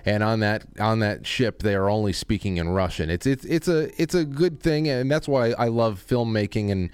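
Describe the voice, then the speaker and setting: Smooth-voiced rambling male talk host. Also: lowish voice, moderate pace, darkish tone, dry recording. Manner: rambling, restarts often, jokey. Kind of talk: casual chat.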